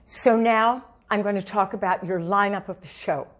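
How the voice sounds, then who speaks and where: A seasoned woman vocal coach talks straight to her students. She is emphatic and repeats her key points, and she calls the listener honey. Her voice sits at a middle pitch for a woman. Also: normal speed. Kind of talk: direct-to-camera vocal coaching talk.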